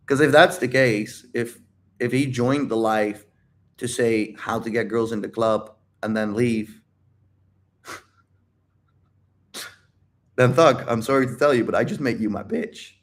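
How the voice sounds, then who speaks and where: A man coaching viewers on a live Q&A stream. He talks to them directly, hammers his points with repetition and swears freely. His voice sits at an ordinary pitch for a man. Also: unhurried, pauses often. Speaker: dating and life coach. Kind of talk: livestream Q&A talking to chat.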